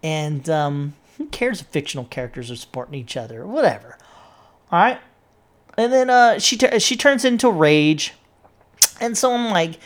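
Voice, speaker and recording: A woman's voice: deep voice, big pitch swings, moderate pace. A woman telling a story in a casual monologue, rambling and swearing, with many fillers and restarts. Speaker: social media poster recounting an argument.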